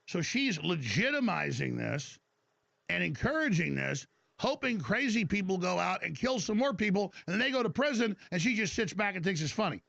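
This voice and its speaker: Ranting talk host, high gravelly voice, swinging pitch, dull lo-fi sound. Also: male voice, very animated, moderate pace, fairly bright tone, no echo. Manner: ranting, stammering restarts. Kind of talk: heated political monologue. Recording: dull lo-fi broadcast audio.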